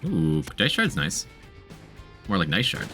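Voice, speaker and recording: Lively, bright-voiced male game streamer. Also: sits low, unhurried, faint music behind. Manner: chatty, thinks aloud, repeats himself, talks to chat. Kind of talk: casual gameplay commentary.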